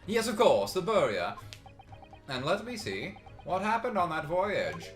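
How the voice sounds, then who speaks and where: A grand, boastful gentleman detective from a game, eccentric and full of himself, booming out his lines high and loud, as a man puts him on. There's faint music playing behind him. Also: huge pitch swings, unhurried, exaggerated voice. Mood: jovial. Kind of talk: game dialogue read aloud.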